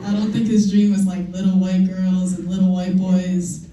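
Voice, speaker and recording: A woman's voice: on the low side, flat delivery, moderate pace. A young woman performing a stand-up comedy set, telling self-mocking stories in a loose, conversational way. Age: young adult. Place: live comedy show in a room. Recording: echoey room, mic far off, noisy.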